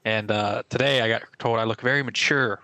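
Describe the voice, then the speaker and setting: A man's voice: mid-range voice, fairly even intonation, brisk, pushed and bright, no echo, rough recording. A young man co-hosting a casual podcast, telling stories with lots of fillers and hedges. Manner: rambling storyteller, many fillers. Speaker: podcast co-host.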